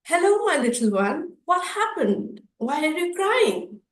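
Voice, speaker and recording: A woman storyteller voicing a kind, motherly female cow in a children's tale, speaking gently and coaxingly. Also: very high-pitched, sing-song, a little slow, roomy sound, far from the mic, pitched above the performer's own voice, heavily acted.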